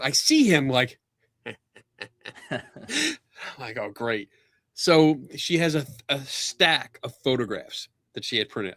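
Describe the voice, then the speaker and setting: A man hosting a podcast, telling a casual anecdote, animated and laughing often, acting out other people's lines. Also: mid-range voice, no echo, clean studio sound. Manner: animated storyteller, laughs often, acts out quotes. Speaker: podcast host.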